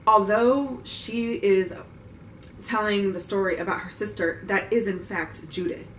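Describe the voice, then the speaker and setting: A young woman chats through a film recap, opinionated and full of wry asides. Her voice has a middling pitch and sounds a little distant from the mic, with a roomy echo and a faint hiss underneath. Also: steady tone, unhurried. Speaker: vlogger reviewing a film.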